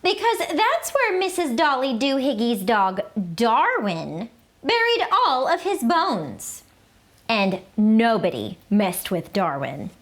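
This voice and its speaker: A woman's voice: on the high side, sing-song, slow pace. A woman teacher reading a children's picture book aloud, greeting young listeners and telling the story with animation.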